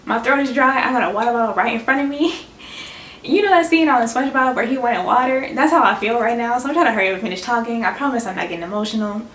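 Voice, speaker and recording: A woman's voice: fairly high pitch, quick pace, fairly bright tone. A woman speaking in a casual, encouraging vlog, earnest and chatty with plenty of fillers. Her voice sits a little back from the mic in a roomy space. A faint hiss runs underneath. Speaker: YouTuber. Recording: roomy, slightly distant with faint noise.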